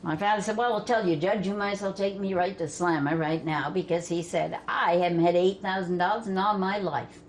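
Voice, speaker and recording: An older woman from Vermont telling family stories in a folksy way, laughing as she goes and dropping her voice low for the men she quotes. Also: fairly even intonation, brisk, hardly any pauses. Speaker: storyteller guest. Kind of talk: family storytelling. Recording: faint background noise.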